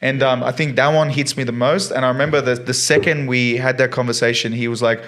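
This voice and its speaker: A man's voice: mid-range voice, steady tone, fast, few pauses, a bit bright. A man, a science teacher and podcast guest, earnestly telling a long story in a rambling casual way, with many fillers.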